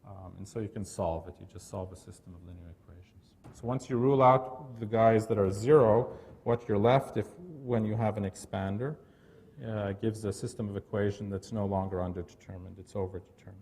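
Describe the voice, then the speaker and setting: Gravelly-voiced man giving an academic talk. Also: lowish voice, brisk, darkish tone. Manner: thoughtful, with many fillers and restarts. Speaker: workshop lecturer.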